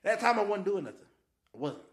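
Talking fast in a high-sitting voice, this podcast host spins casual, slang-heavy stories, animatedly performing other people's quotes. He laughs frequently, and the room around him echoes.

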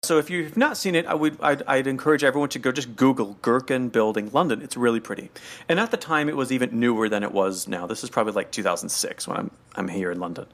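A man's voice: mid-range voice, quick pace, fairly bright tone. A middle-aged American man casually chatting as a podcast host, rambling through a story with many fillers. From United States. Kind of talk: casual chat.

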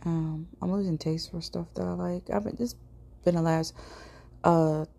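Low, gravelly woman telling a story. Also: steady tone, unhurried, mellow. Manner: chatty, swears casually, drops into whispers. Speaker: podcast host. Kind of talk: casual storytelling monologue.

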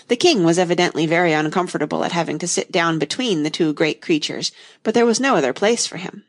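A woman reading a storybook aloud in an expressive, measured way. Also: fairly low pitch. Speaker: narrator.

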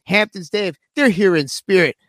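A man's voice: high-pitched, moderate pace, a bit bright, dry recording. A young man hosting a radio show, rambling and joking in casual banter, poking fun at himself, from a studio. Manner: joking, rambling, self-deprecating.

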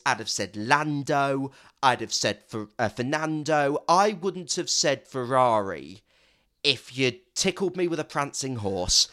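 A man co-hosting a podcast, talking in an emphatic, animated way with self-mocking asides. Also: medium pitch. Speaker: podcast co-host. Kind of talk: casual chat.

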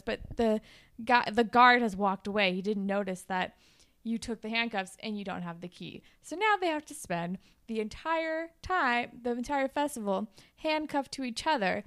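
Chatty woman podcast host, kinda high smooth voice, tons of "like", playful storytelling. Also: moderate pace, a bit bright, no room sound, studio quality. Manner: bubbly, lots of "like" fillers, playful storytelling. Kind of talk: casual chat, improvising a story for a listener.

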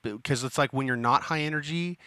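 A man hosts a podcast and asks friendly, probing questions in easy chat. His voice is bright and forward, recorded dry with no room sound. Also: medium pitch, a little fast, clean tone, dry recording. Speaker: podcast host. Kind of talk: casual chat.

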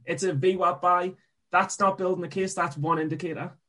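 Emphatic fast-rambling man, trading coach. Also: sits high, fairly even intonation, bright, forceful tone. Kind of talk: casual podcast chat.

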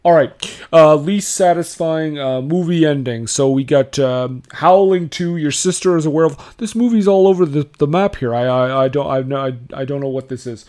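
A man impersonating a male action star who is loud, confrontational and fakes an American accent. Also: medium pitch, steady tone, moderate pace, natural voice. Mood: brash.

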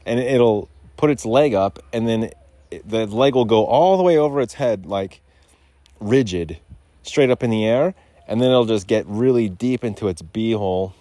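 A man's voice: lowish voice, moderate pace, mellow, no echo. A man hosting a podcast outdoors, rambling in loose, profane, digressive casual chat. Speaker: podcast host. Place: outdoors on a rural lot.

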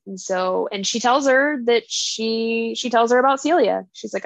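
A woman co-hosting a casual book podcast retells the plot emotionally, voicing little quoted lines. Her voice is fairly high and fairly quick with hardly any pauses, and there's no echo.

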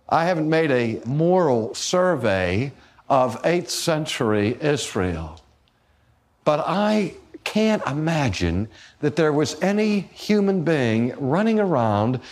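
Slow, emphatic male preacher. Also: a little high, darkish tone. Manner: slow, deliberate delivery with emphatic rises on key words; rhetorical questions to the audience. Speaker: preacher and teacher. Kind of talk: theological lecture-sermon.

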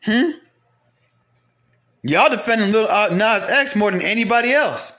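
A man's voice: high-pitched, lively intonation, measured pace, sharp tone. A man delivering an angry, profane rant to camera, firing off repeated rhetorical questions.

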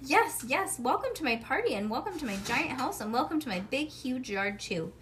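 A proud, excitable little storybook girl, as a mother reading aloud puts her on squeals her lines high and eager. She bosses and shows off in a bright, lively voice. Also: normal speed, very noisy. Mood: excited.

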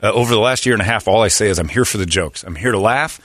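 A man hosting a casual podcast chat, laughing along and chiming in with quick jokes. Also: on the low side, fairly bright tone, no echo, clean studio sound. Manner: laughs along, adds quick joking interjections.

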